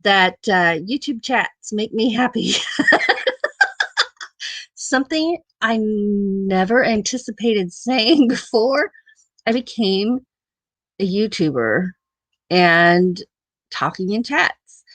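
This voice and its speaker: Slow-talking woman live-stream host. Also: mid-range voice, lively intonation, fairly bright tone, no room sound. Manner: laughs often, repeats phrases, affectionate. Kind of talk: casual live-stream chat reading comments.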